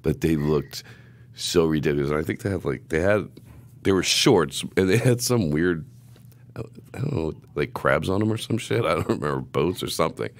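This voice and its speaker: A young man with an extremely deep, gravelly voice, chatting casually on a podcast. He swears freely and breaks into laughter as he tells his stories. The sound is close and dry. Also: lively intonation, normal speed, no room sound. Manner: profane, laughing storyteller. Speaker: podcast host.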